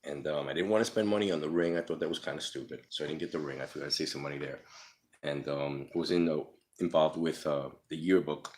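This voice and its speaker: A man's voice: a bass voice, fast talker, darkish tone, a little hiss or hum. A man telling his life story casually, profane and rambling, full of fillers, acting out the people in his stories.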